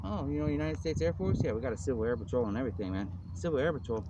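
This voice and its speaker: A man's voice: mid-range voice, expressive, rapid-fire. Rambling man outdoors over traffic noise. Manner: meandering, loose, drops in "man" and "you know" constantly. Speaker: self-described minister. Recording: noisy outdoor street recording. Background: traffic and city noise.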